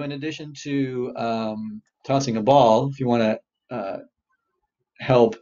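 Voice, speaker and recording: A man leads a webinar as a therapist, coaching his listeners through an exercise with steady encouragement. His voice carries a gravelly rasp, and the audio is dull and lo-fi, as from a video call. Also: medium pitch.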